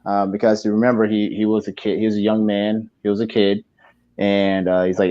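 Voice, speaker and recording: A man calling in to a talk show while on the move, speaking haltingly with many fillers and restarts. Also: on the low side, little pitch movement, dark tone, lo-fi sound. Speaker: caller. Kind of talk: casual call-in talk.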